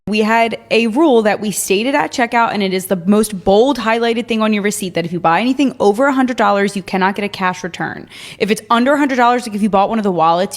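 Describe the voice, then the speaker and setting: A woman in her twenties telling an indignant story from her retail job. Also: medium pitch. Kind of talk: casual storytelling.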